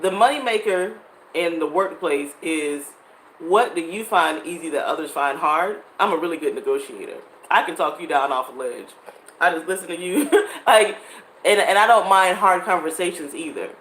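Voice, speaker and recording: A woman's voice: on the low side, moderate pace, slight background noise. Chatty woman in her thirties, echoey room. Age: 30s. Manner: animated, laughing often, talks to her audience. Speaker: vlogger. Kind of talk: casual chat to viewers. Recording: echoey room with faint ambience.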